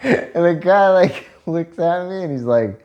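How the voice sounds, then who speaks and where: A man's voice: on the high side, lively intonation, a little slow, a little mellow, highs cut off. A man telling a story in casual, profane chat, laughing often as he talks. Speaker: vlogger telling a story to his partner.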